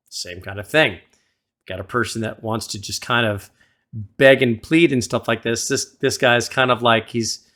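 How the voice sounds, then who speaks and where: A man hosting a music reaction video, gently advising the viewer like a mentor into a desktop studio mic. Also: mid-range voice. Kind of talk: casual reaction commentary. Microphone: desktop USB studio microphone.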